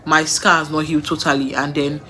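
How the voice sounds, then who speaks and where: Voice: mid-range voice, flat delivery, brisk, bright, forceful tone, a little hiss or hum. A young adult with a Nigerian accent tells personal stories in a casual way, repeating words for emphasis and laughing between sentences. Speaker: vlogger.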